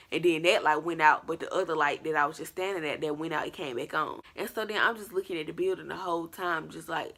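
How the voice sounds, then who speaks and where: Animated woman telling a spooky storytime. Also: fairly low pitch. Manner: animated, colloquial, acts out scenes. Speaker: vlogger. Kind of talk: storytime vlog.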